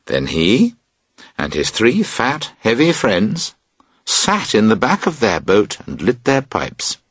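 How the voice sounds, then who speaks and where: Male audiobook narrator, husky and expressive, for a learner-level story. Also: fairly low pitch, takes it slowly, no echo, clean studio sound. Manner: expressive, voices characters. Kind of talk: audiobook reading of a graded reader.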